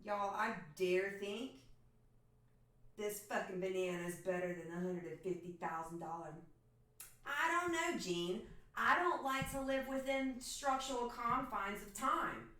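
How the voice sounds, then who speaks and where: A woman's voice: medium pitch, measured pace, fairly bright tone. A woman chatting casually and swearing with her viewers while she paints in her home studio during a livestream. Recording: echoey room from far off.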